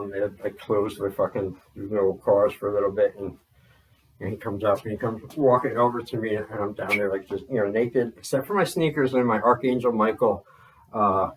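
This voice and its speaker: A man's voice: on the low side, recorded from a distance, rough recording. Rambling, swearing man set back from the mic. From New Jersey. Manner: swears often, loose and rambling with fillers. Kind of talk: casual spoken account.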